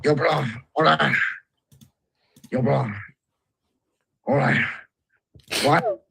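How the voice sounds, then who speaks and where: A man's voice: fairly high pitch, steady tone, extremely slow, creaky, fairly bright tone, breathy edge, voice pushed up, heavily acted. A teenage boy putting on a joking, exaggerated greeting voice for laughs. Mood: mocking.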